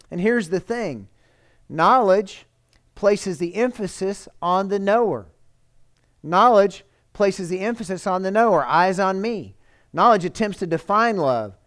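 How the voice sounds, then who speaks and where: A man preaching a sermon as pastor, earnest and pleading, lifting and dropping his voice for emphasis. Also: sits high.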